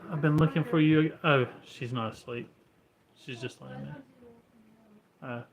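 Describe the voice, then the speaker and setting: A man's voice: mid-range voice, fairly even intonation, measured pace, gravelly, low-quality recording. A man chatting casually at home, easygoing with dry humor. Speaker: homesteading vlogger. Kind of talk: casual chat.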